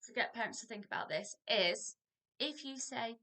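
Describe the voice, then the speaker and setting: A woman teaching a parenting lesson, lively and playful, acting out what parents and children say. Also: a little high, moderate pace. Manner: animated, acts out parent and child lines. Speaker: parenting practitioner.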